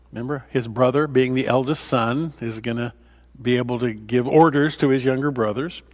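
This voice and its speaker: A man's voice: medium pitch, moderate pace, darkish tone. A man, a pastor, leading a Bible study in a conversational way, with fillers and restarts, acting out the scripture dialogue. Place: church.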